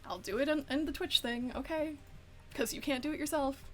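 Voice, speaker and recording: A VTuber streamer with a high voice chats casually with her viewers while gaming, talking a little fast as faint music plays behind her. She swears freely and laughs often during the livestream.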